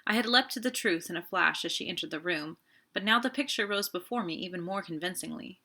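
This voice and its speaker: Woman narrator, audiobook reading, steady, measured, lowish bright voice.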